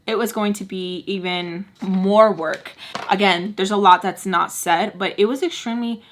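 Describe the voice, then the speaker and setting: A woman in her twenties tells a casual storytime in a slangy, animated way, acting out the voices of everyone she quotes. Her voice sits in an ordinary middle pitch. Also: normal speed, slight background noise. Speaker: vlogger.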